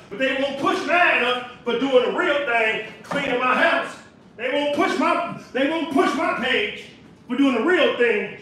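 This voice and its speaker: A man's voice: extremely high pitch, bright, forceful tone, slight background noise. A man from California livestreaming from his home kitchen, ranting in a preachy, repetitive, emphatic way. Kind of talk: casual livestream rant. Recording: very echoey room, voice far off.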